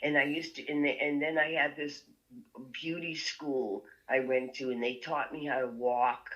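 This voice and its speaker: A guest musician from the Boston area chats casually in an interview set in California. She has a strong Boston accent and a low voice with a flat delivery and fairly bright tone at normal speed, laughing often and restarting her sentences. The highs are cut off in the audio.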